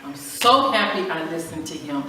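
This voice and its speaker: A middle-aged woman from California shares a personal testimony as a guest speaker at a church breakfast. She tells it with animated storytelling, acts out the conversations with a bright, ringing voice, and her pitch rises and falls freely. She was recorded from a distance in a strongly echoing hall, with a faint hiss underneath. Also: normal speed. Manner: animated storytelling, acting out dialogue with frequent laughter.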